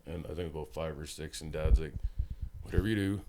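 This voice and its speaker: A man's voice: extremely low pitch, steady tone, a little fast, background noise. A man from Saskatchewan, a musical guest chatting casually and telling stories with easy chuckles. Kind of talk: casual chat.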